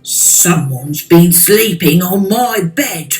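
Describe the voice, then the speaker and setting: A woman voicing a gruff, growling father bear in an animated storybook. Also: fairly low pitch, takes it slowly, faint music behind. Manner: growling, commanding.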